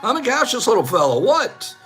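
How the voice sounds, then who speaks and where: A man's voice: extremely high pitch, huge pitch swings, fairly quick, fairly bright tone, soft background music, heavily acted. A man voicing a carefree, shameless pet dog that talks in a breezy, unbothered way.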